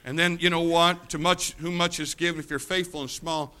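A preacher from the United States tells a lively story in a sermon. His voice sits a little high and has a very bright, sharp edge. He keeps turning to address the congregation directly. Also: fairly quick, smooth.

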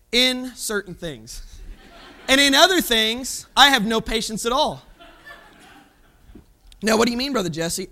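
Male lay preacher, strikingly high pitch, fervent sermon delivery, repeats his rhetorical questions. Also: sharp tone. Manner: calls congregation "folks".

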